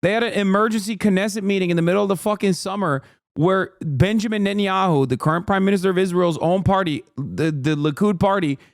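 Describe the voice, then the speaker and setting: A man's voice: high-pitched, a little fast, dry recording, clean studio sound. A man streaming, ranting with heated, profane sarcasm while reacting to a clip.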